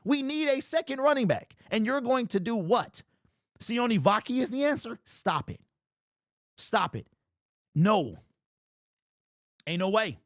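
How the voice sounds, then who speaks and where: The recording is clean studio sound with no room tone, carrying a young male sports host's extremely high, very animated voice. He rants unhurriedly, pausing often, incredulous and exasperated and repeating himself, as he reads viewer super chats on his livestream.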